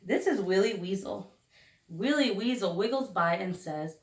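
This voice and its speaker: A woman teacher leading a phonics lesson for young children, sounding out each letter slowly and deliberately. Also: mid-range voice, lively intonation. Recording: echoey room, recorded from a distance.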